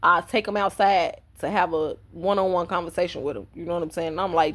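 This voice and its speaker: A woman's voice: fairly low pitch, fairly even intonation, a little fast, hardly any pauses. A woman telling a personal story on her vlog in a casual, blunt and profane way. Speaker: vlogger.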